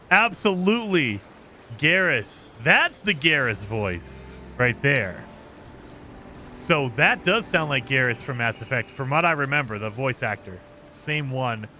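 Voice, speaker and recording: A man's voice: on the high side, pushed and bright. A man streaming a game, chatting casually and rambling about his impressions. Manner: chatty, rambling, laughs often. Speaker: gaming streamer. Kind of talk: casual let's-play commentary.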